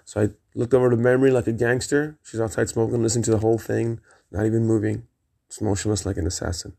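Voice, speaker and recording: A middle-aged man with a gravelly, dark voice tells a rambling personal story on his vlog. He talks emphatically, wanders off on tangents, and swears freely. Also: fairly low pitch, flat delivery, quick pace. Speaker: vlogger.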